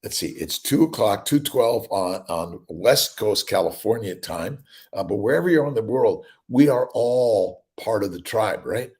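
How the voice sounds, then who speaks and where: A man's voice: on the low side, expressive, a little slow, a little mellow. A middle-aged male doctor hosting a casual morning livestream, rambling and upbeat as he greets viewers by name. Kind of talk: casual livestream chat reading viewer comments.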